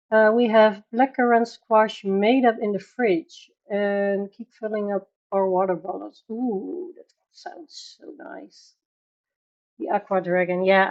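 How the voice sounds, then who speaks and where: Dutch-accented woman, relaxed unhurried livestream host, chatty with frequent laughs, dull lo-fi sound. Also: mid-range voice. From Netherlands. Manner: chatty, laughs often, greets viewers by name. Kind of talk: casual livestream chat. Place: home bedroom.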